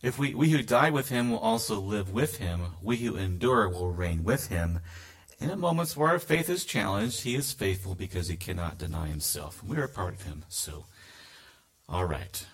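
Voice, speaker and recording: A man's voice: lowish voice, animated, moderate pace. A man teaching a Bible lesson in a conversational sermon style, reading verses aloud and adding casual asides.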